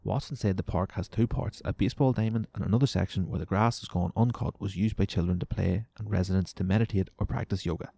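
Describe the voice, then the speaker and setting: A man's voice: deep voice, fairly even intonation, fast talker, vocal fry, warm tone, husky, dry recording. A young man, a podcast host ranting casually and sarcastically, swearing as he reads news items aloud.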